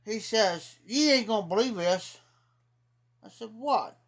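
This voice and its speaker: A man with an Ohio accent telling a rambling, indignant story in a casual livestream, repeating "I said" as he goes. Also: high voice. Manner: drawling, slow-paced delivery.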